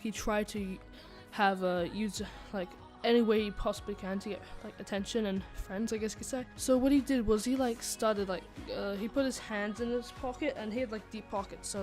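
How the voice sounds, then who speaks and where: A woman chats through a casual storytime anecdote at a mid-range pitch for a woman, rambling with fillers and restarts and dropping in giggly asides. Faint music plays quietly behind her as she talks into a desk microphone. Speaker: channel host telling a story.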